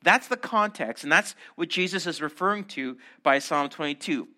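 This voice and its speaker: Male pastor, sermon, high voice, bright tone, animated teaching. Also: moderate pace.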